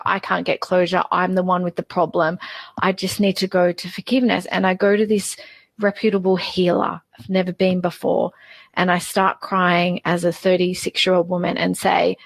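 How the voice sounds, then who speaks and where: Halting woman in her forties. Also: lowish voice, little pitch movement, creaky, no echo. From Australia. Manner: halting, repeats words, confessional. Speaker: guest. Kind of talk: personal interview.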